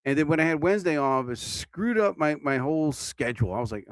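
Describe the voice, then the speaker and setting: A man's voice: a little high, lively intonation, brisk, clean tone, no echo. A tired man hosting his own livestream podcast, rambling casually and yawning as he talks. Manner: drowsy, yawning, meandering talk. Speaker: podcast host.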